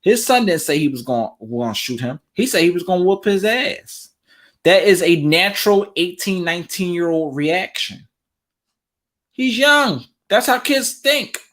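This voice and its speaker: Animated man hosting a commentary show. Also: high-pitched, unhurried. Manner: animated, repeats phrases for emphasis. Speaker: relationship talk show host. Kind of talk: casual commentary to viewers.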